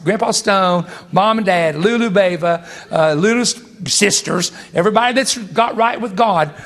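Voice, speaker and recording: Male preacher, high-pitched and animated, working the congregation. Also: moderate pace. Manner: animated, jumps to high exclamations and laughs, addresses congregation. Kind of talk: sermon.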